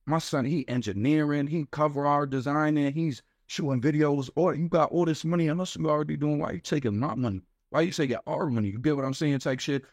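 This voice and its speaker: A young man from New York, a rapper guest telling stories in a casual interview, animated and slangy, acting out the voices of people he quotes. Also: on the high side, brisk, few pauses, no room sound. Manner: animated, slangy, acts out quoted voices, repeats "you get what I'm saying". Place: small podcast studio. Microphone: studio microphone.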